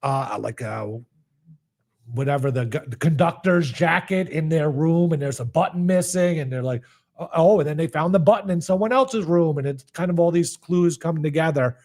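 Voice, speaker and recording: A podcast co-host chatting casually, a man whose voice sits a bit high. He rambles along, stacking up fillers as he goes. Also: normal speed, darkish tone. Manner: rambling recap with many likes and fillers. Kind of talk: casual chat.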